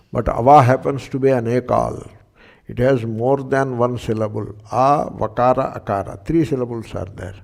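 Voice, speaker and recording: An older man with an Indian English accent gives a patient, explanatory lecture, pausing to check that his listeners follow. His voice has a gravelly edge. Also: mid-range voice, darkish tone. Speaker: Sanskrit teacher. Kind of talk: lecture on scripture and grammar.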